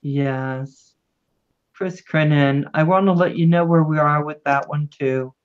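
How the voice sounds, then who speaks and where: A woman's voice: deep voice, slow, clean tone, highs cut off. A woman hosting a livestream, chatting casually and greeting viewers with affectionate words. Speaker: livestream host.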